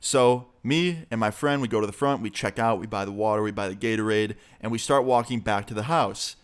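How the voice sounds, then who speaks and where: A young YouTuber tells a personal story on his channel in a casual storytime vlog packed with slang and swearing. His lowish voice is clear and resonant, and he talks fairly quickly.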